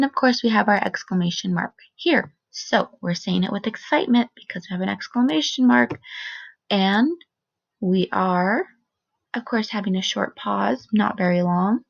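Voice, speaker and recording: A woman teaching a first grade phonics lesson on video, speaking slowly and clearly in an encouraging teacher voice. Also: mid-range voice. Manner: slow, clear, encouraging teacher talk with modeled expression. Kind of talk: recorded phonics lesson for children. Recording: dull, lo-fi sound.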